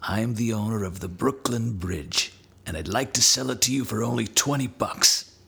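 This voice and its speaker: A man voicing a sly, smooth-talking con man who whispers a secret deal and flatters his mark. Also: on the low side, moderate pace, exaggerated voice. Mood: wheedling. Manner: wheedling, conspiratorial sales patter.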